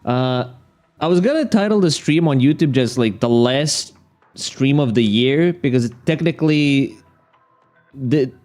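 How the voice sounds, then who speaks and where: A man's voice: mid-range voice, animated, measured pace, darkish tone. Profane, exasperated young male streamer. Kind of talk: casual livestream rant.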